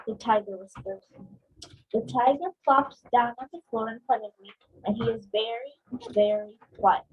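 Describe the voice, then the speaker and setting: Breathy woman reading a picture book aloud. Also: fairly high pitch, a little slow, dull audio. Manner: expressive, acting out sound effects. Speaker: book club reader.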